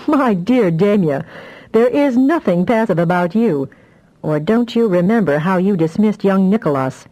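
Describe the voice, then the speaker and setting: A woman voicing a patient male telepath mentor who speaks in a soft drawl. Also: medium pitch, moderate pace, lightly acted, rough recording. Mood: teasing. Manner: soft drawl, calm and teasing.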